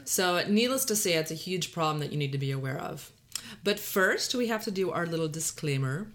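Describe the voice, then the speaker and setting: A woman's voice: on the low side, animated, fairly quick, fairly bright tone. A woman from Texas with a drawl and a Valley Girl lilt, hosting a podcast in a chatty, self-deprecating way and laughing often. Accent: Texan drawl mixed with Californian Valley Girl. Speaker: podcast host. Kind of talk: casual podcast chat.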